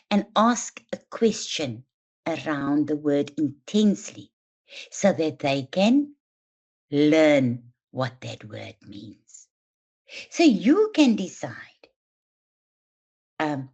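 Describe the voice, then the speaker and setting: A woman leads a teacher training webinar, speaking slowly and with deliberate emphasis. Her pitch rises and falls in a lively way as she reads aloud and explains. The audio is dull and lo-fi, as over an online call. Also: breathy edge. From South Africa. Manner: slow, deliberate, emphatic delivery addressing teachers. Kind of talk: instructional webinar with read-aloud demonstration. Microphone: online webinar mic.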